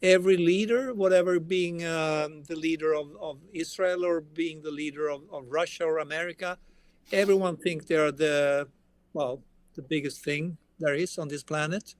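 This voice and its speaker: Swedish guitarist guest, rambling chat, dry close sound. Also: male voice, a little high, steady tone, normal speed, no room sound. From Sweden. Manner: rambling, frequent restarts. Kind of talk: casual interview chat.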